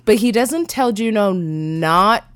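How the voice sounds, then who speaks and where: A woman's voice: mid-range voice, animated, takes it slowly, dry recording. A woman co-hosting a podcast, recapping a film in casual chat, enthusiastic and laughing often, with frequent swearing. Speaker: podcast co-host.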